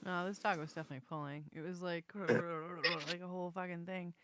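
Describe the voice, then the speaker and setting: A woman hosting a podcast in casual chat, joking and swearing freely, with drawn-out segment intros. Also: on the low side, steady tone, noisy background. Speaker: podcast host.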